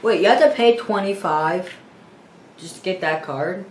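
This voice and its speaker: A woman's voice: lowish voice, measured pace. A woman playing a board game, teasing the host and complaining about the prices. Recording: roomy room with faint noise.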